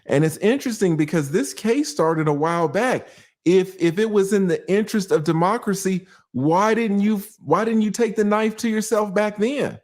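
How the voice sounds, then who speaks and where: A man's voice: high-pitched, moderate pace, a little mellow. A male attorney giving casual legal commentary, telling it like a story with rhetorical questions and slangy asides. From United States.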